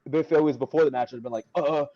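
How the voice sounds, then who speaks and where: Animated young man telling wrestling stories. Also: very fast, no room sound. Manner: animated, laughing often, acts out other people's lines in a high voice. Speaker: professional wrestler guest. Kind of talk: casual storytelling. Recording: dull lo-fi podcast audio.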